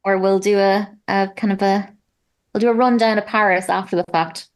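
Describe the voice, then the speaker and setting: A woman's voice: mid-range voice, fairly even intonation, moderate pace. An Irish woman, a guest athlete, chatting casually in an interview with lots of fillers. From Ireland. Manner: chatty, self-deprecating, many fillers.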